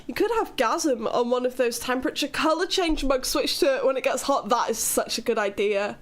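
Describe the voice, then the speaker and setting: A woman's voice: sits high, normal speed. A young Welsh woman streaming live, chatting casually with her viewers in a playful, teasing way and swearing freely. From Wales.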